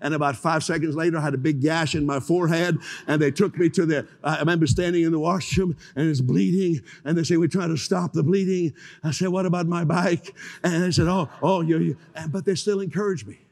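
Older guy pastor preaching, kinda high voice, acts out little voices, big echoey hall. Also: a little fast, few pauses. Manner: animated storytelling, acts out voices. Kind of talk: sermon.

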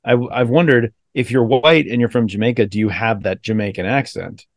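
A man's voice: medium pitch, brisk, dry recording, clean studio sound. A man co-hosting a podcast in casual chat. He talks with wry, joking asides. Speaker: podcast co-host.

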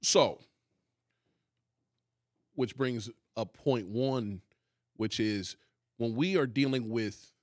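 A man's voice: fairly low pitch, dry recording, clean studio sound. A man, a pastor hosting a casual faith discussion, who repeats key lines for emphasis. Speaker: pastor and podcast host.

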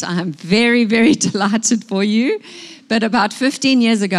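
An earnest woman shares a personal story from the front of a church. Her voice sits at an ordinary middle pitch, and she speaks with open emotion. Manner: earnest, emotional, tearful at moments. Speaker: speaker sharing a testimony. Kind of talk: sermon testimony. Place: church hall before a congregation.

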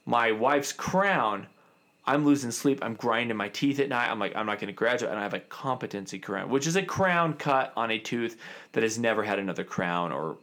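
A man in his thirties, a dentist, telling a story in a casual, animated way and acting out the other people in it. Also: mid-range voice, normal speed.

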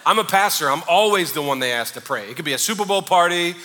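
A pastor preaches in a loose, joking style that feels like talking with the crowd. His voice is bright and sits a bit high for a man. It rings with a long reverb through a large church hall. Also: expressive, fast, a little hiss or hum. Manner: humorous, conversational preaching. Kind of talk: sermon.

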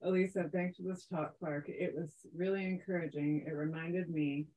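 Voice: mid-range voice, steady tone, normal speed, a little mellow, lo-fi sound, slight background noise. A moderator reading listener comments aloud at a talk.

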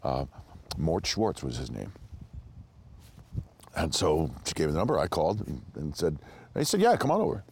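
A man with a very deep, low voice tells rambling, animated stories as an interview guest. He restarts his sentences often and laughs along the way. He slips into higher voices to mimic the people in his stories. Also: moderate pace, vocal fry, long pauses, a little hiss or hum. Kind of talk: anecdotal storytelling.

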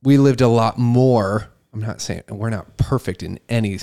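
A man co-hosting a faith podcast, talking casually and haltingly, restarting often and rising when he makes a point. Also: lowish voice, dark tone. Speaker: podcast co-host.

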